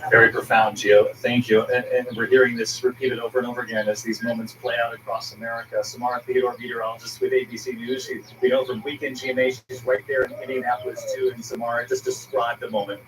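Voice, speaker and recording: Male anchor, measured live delivery, distant TV capture. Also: mid-range voice, level tone, a bit bright, slight background noise. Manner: smooth, measured, handing off to reporters. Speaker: news anchor. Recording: TV audio heard from a distance.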